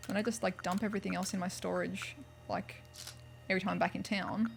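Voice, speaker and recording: A woman's voice: medium pitch, fairly even intonation, quick pace, vocal fry, faint music behind. Chatty Australian woman streaming a game. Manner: chatty and rambling, heavy on "like" and "um". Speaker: livestreamer. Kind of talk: casual chat while playing a video game.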